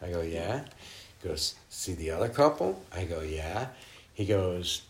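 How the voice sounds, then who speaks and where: This middle-aged minister, appearing as a guest in a relaxed interview, has a deep voice and talks a little fast. He tells lively stories, voicing the quoted lines himself and laughing frequently.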